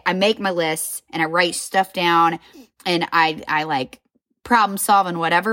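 A woman's voice: medium pitch, fairly bright tone, no room sound, studio quality. A woman in her thirties talking candidly in a rambling, self-reflective monologue, often checking in with "right?". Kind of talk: casual personal monologue.

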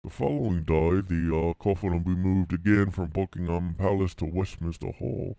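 A man's voice: sits low, moderate pace, gravelly, hardly any pauses, mellow, clean tone, no echo, studio quality. A man hosting a casual solo podcast from his room, rambling and irreverent, often repeating himself. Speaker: podcast host.

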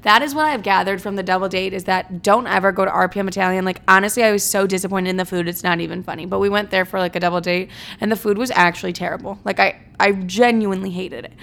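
A woman's voice: medium pitch, steady tone, fast talker, vocal fry, fairly bright tone. A young woman from the Chicago area telling a casual storytime vlog, chatty and full of fillers and swearing.

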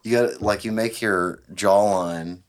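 A man's voice: fairly low pitch, steady tone, unhurried. A young man hosting a casual podcast chat, joking and teasing with a rambling, offhand delivery. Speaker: podcast host.

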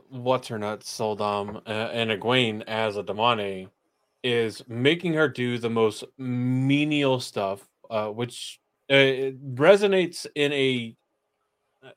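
A man's voice: medium pitch, fairly bright tone. A man co-hosting a podcast in casual chat, crude, joking and frank. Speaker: podcast co-host.

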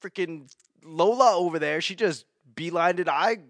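Man doing his wife: excited, hungry, high-pitched, breathless and defensive. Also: moderate pace, no echo, clean studio sound, natural voice. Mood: giddy. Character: excited hungry wife, woman, adult, impulsive.

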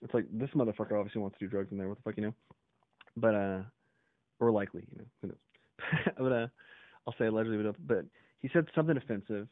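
A man's voice: lowish voice, fast, pauses often, no echo. A man hosting a podcast, telling a long rambling story in a casual, profane way, often laughing and acting out the people he quotes. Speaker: podcast host. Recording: dry, phone-like narrow sound.

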